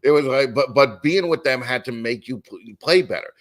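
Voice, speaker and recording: A middle-aged musician, appearing as a podcast guest, chats casually in a medium-pitched, expressive voice at a moderate pace. He spins rambling stories with many restarts and acts out quoted lines.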